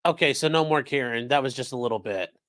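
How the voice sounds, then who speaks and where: A man's voice: mid-range voice, quick pace, a bit bright. A man hosting a casual live stream, reacting to news clips with sarcastic, rambling remarks and reading viewer chat aloud.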